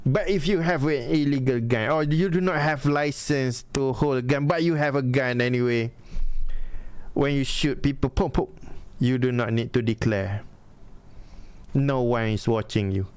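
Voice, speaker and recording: A man hosting a casual question-and-answer chat, speaking deliberately and pausing to search for the right words. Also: medium pitch, clean tone. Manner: deliberate, pauses to find words. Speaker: host.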